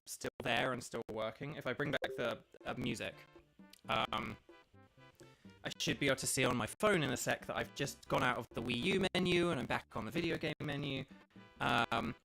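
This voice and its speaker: A man's voice: medium pitch, moderate pace, vocal fry, sharp tone, faint music behind. An English man from England chatting hesitantly to his live-stream chat from a home setup, with lots of filler words. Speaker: game streamer. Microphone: laptop streaming setup.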